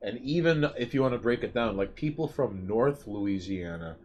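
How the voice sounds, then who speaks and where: A man's voice: medium pitch, expressive, normal speed, darkish tone, dull audio, a little hiss or hum. A man co-hosting a casual podcast, rambling and swearing, often trailing off and restarting mid-sentence. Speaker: podcast co-host. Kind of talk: casual chat.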